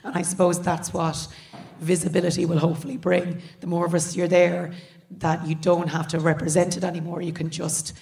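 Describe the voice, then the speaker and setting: A woman speaks in a slightly low voice. She tells quick, animated stories on stage. She is co-hosting a live podcast in a large hall. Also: creaky. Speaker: co-host.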